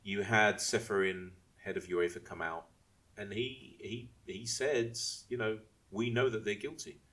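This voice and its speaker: A man with a very low voice, talking casually on a podcast. He rambles and restarts his sentences as he explains things to the other hosts. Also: steady tone, a little slow, fairly bright tone. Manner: rambling, restarts and asks if he may speak. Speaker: podcast co-host. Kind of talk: casual chat.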